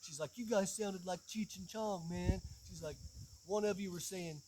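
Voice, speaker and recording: Man, lively storyteller, a bit high voice, casual outdoor chat, faint insect noise. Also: moderate pace, poor audio. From southeastern Kentucky. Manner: animated, playful storyteller. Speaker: podcast host.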